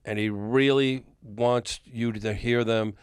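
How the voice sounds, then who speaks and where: A man's voice: mid-range voice, slow pace, clean tone, no room sound, studio quality. An older man, a record executive, telling a long anecdote as a guest in a podcast interview and chuckling often. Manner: animated storyteller, chuckles often.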